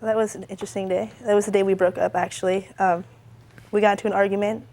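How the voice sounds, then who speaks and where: A woman testifies as a defendant in a TV courtroom in a flat, level voice with little pitch movement. She tells her story defensively and rambles, restarting her sentences as she goes. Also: fast talker.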